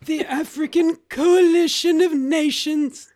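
Pompous old British statesman, grand and slow, as a dad does the voice. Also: very high voice, steady tone, a little mellow, pitched above the performer's own voice. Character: stuffy elderly male British politician, pompous.

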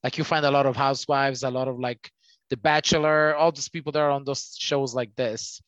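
A man co-hosting a podcast, ranting in an animated, exasperated way in casual chat. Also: medium pitch, a little fast, no echo, dull audio. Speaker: podcast co-host.

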